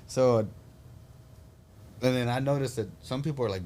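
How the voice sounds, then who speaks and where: A man's voice: medium pitch, normal speed, pauses often, darkish tone, slight background noise. A young man, an Army veteran hosting a casual chat, telling blunt, profane stories with a laugh. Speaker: podcast host, Army veteran.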